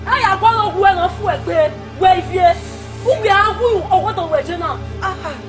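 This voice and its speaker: A woman's voice: very high-pitched, fairly quick, over music. An actress playing a wronged woman wailing accusations. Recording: noisy crowd behind.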